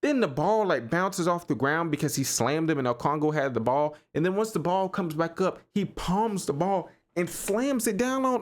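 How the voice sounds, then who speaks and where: A young man hosting a casual solo basketball podcast, talking in a loose, animated way, repeating himself and laughing as he riffs on games. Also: fairly high pitch, moderate pace, hardly any pauses. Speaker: sports podcast host. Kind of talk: casual solo sports commentary.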